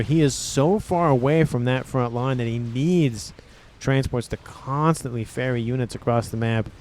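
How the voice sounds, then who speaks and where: A man's voice: medium pitch, mellow, a little hiss or hum. A man giving casual play-by-play commentary on a strategy game replay, chatty and often correcting himself mid-sentence. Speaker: game caster.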